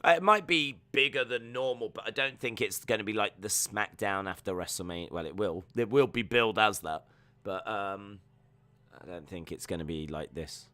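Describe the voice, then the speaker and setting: A man's voice: on the low side, moderate pace, pushed and bright, no room sound. A young man streaming a live wrestling watch-along, joking, rambling and reading viewer comments aloud.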